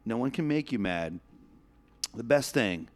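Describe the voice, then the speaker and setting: A male podcast host chatting casually with a guest. He tells loose, rambling stories, laughs often and swears freely. His voice sits at an ordinary pitch for a man. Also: expressive, a little slow.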